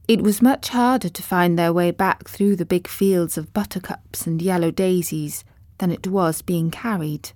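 A woman reading a children's storybook aloud in a measured, gentle way. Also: medium pitch, dry recording, studio quality. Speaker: narrator.

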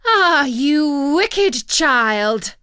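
A woman voicing a wicked old enchantress in a storybook reading, scolding and mocking in a shrill voice. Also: very animated, very slow, pushed and bright, no echo, clean studio sound, heavily acted. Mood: furious.

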